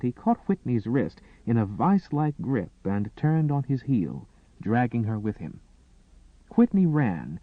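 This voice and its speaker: Dramatic male narrator for a period romance; animated delivery, thin phone-like audio. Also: medium pitch, no room sound. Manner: expressive, dramatic reading. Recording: dry, tinny phone-like sound.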